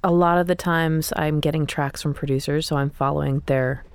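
A young woman songwriter talking casually in an interview, animated and candid. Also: low voice, normal speed, smooth, dry recording. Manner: animated, sings snippets of lyrics mid-sentence. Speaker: songwriter guest.

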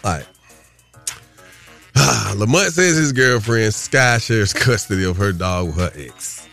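A man's voice: fairly low pitch, expressive, slow pace, vocal fry, fairly bright tone, soft background music. A man hosting a morning radio show, chatting casually with co-hosts and callers and laughing often. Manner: laid-back, laughs often. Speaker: radio host.

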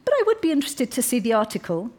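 A defiant young wife with a quick, arch wit, voiced by a woman reading aloud. She talks in a pointed, brisk way, her voice lifted noticeably higher and swinging widely in pitch. She makes every line sound like a polite challenge. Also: huge pitch swings, darkish tone. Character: sharp-tongued young wife, defiant and witty. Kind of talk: audiobook reading.

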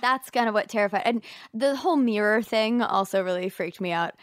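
This is a woman of middle pitch, a guest actor on a podcast, who talks things through thoughtfully and at length. Her voice is recorded dry and close. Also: a little fast, no room sound. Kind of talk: casual chat.

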